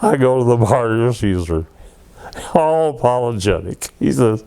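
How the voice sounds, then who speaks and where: A smooth, mid-range male voice moves at a slow pace with frequent pauses. He's an elderly veteran in his eighties recounting war stories for an oral history interview, laughing a lot and performing other people's lines in lively anecdotes.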